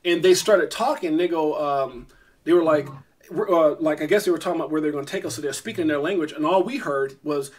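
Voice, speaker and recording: A middle-aged man hosts his own vlog and tells a story straight to camera. His voice sits a little high, and he rambles, doubles back and fills gaps with ums as he goes. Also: a little fast. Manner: rambling, animated, many fillers and restarts. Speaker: vlog host.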